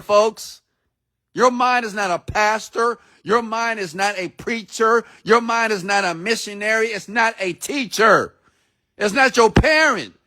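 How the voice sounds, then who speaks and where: A man's voice: very high-pitched, pushed and bright. A man giving a motivational sermon-style talk, blunt and preachy, who swears freely and repeats himself for emphasis. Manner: addresses listeners directly with questions. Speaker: motivational speaker.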